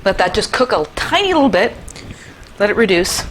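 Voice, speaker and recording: A woman's voice: mid-range voice, big pitch swings, brisk, fairly bright tone, slight background noise. A middle-aged woman hosting a cooking show in her kitchen, chatty and enthusiastic, with playful asides as she demonstrates a recipe.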